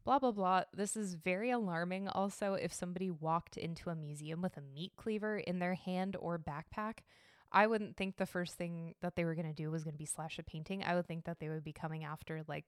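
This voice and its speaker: A woman's voice: lowish voice, fairly quick, clean tone, no room sound, studio quality. A young woman hosting an art and history podcast from her home, chatting casually, laughing at herself and swearing freely. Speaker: podcast host. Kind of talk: casual chat. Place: home decorated for holidays.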